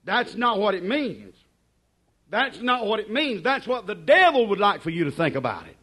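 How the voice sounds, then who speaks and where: A man preaching a sermon in an emphatic, repetitive cadence, dropping to hushed asides and rising to shouted declarations. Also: high voice, sing-song, moderate pace, breathy edge.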